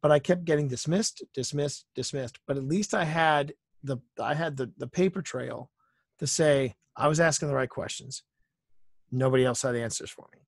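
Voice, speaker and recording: A man's voice: on the high side, normal speed, vocal fry, no echo, studio quality. A male guest on an interview podcast, telling workplace anecdotes in a casual way and often repeating phrases for emphasis. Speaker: author and entertainer guest.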